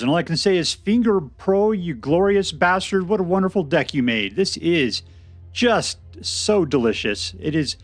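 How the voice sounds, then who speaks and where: A man giving casual, chatty commentary on a card game he is playing, thinking out loud with restarts and bursts of excitement. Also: a little high, no room sound. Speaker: game streamer. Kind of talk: casual gameplay commentary and deck review.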